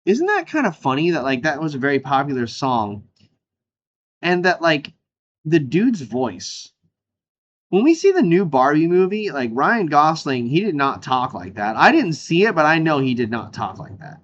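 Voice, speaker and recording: Speaking at normal speed in a slightly high voice, this show host comes through on a muffled recording. He keeps things casual and rambling, bouncing animatedly from one topic to the next with frequent fillers and laughs.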